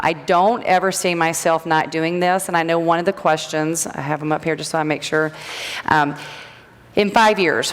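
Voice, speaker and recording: Woman, middle-aged, low voice, rambling chatty talk, echoing event hall. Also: clean tone. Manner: rambling, chatty, self-interrupting storyteller. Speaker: graduate speaker, natural health practitioner. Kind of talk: casual speech to a live audience. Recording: long hall reverb.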